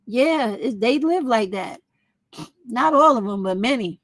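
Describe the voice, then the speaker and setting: A woman's voice: fairly high pitch, lively intonation, unhurried, no echo. A woman, talking straight to her viewers in a casual opinion vlog, blunt and profane. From United States. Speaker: vlog host.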